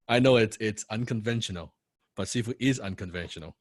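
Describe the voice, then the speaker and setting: A man with a non-native English accent, coaching students in a blunt, forceful, profane and repetitive way. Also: lowish voice, fairly quick, no room sound, clean studio sound. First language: not English. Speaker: copywriting coach. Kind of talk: motivational coaching talk.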